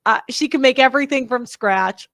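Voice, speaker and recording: A woman's voice: high-pitched, normal speed, gravelly, a bit bright, dry recording, clean studio sound. A woman hosting a reaction show, talking in a candid, blunt way that rambles and interrupts itself. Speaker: host. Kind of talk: reaction commentary.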